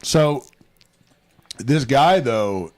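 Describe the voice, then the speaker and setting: A man's voice: medium pitch, lively intonation, extremely slow, darkish tone. A man co-hosting a casual podcast chat, ranting and joking with plenty of swearing. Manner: profane, ranting, jokey. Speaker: podcast co-host.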